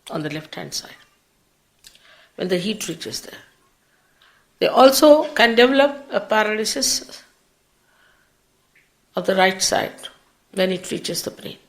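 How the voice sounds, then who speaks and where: An older woman, a spiritual teacher, giving an unhurried, explanatory public lecture with big swings in pitch and loudness. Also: creaky. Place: public program before an audience.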